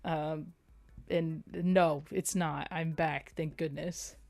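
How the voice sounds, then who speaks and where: A woman's voice: low-pitched, fairly even intonation, takes it slowly, gravelly, a little mellow, no room sound. A young adult woman streaming, chatting casually and playfully, with frequent giggles and rambling asides. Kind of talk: casual livestream chat.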